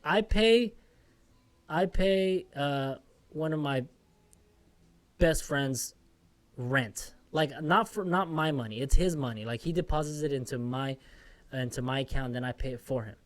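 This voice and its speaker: A young man with an everyday mid-pitched voice rambles through a solo podcast episode. He swears freely and mocks himself as he goes. He is recording in a small office room. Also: a little slow, pauses often. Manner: rambling, profane, self-mocking. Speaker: podcast host. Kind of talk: casual solo rant. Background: music playing softly.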